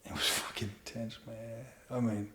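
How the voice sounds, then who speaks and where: Profane, animated middle-aged man, echoey room. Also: fairly low pitch, moderate pace. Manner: profane, animated storytelling with acted-out quotes. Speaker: podcast guest. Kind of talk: candid storytelling interview. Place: room in his home.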